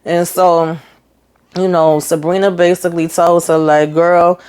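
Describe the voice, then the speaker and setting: Low-voiced woman recapping a TV episode. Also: flat delivery, measured pace, a little mellow, clean tone. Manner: chatty, slangy, opinionated asides. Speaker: TV recap host.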